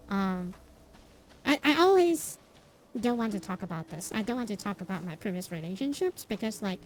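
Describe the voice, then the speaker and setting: A woman's voice: mid-range voice, expressive, normal speed, pauses often, faint music behind. A young woman streamer chatting casually while gaming, rambling and self-deprecating with lots of restarts and fillers, and laughing often.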